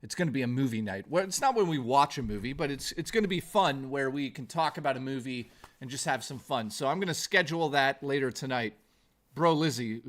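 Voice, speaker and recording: A man's voice: medium pitch, fairly bright tone. A man hosting a live stream in a jokey, rambling way, greeting chat viewers by name.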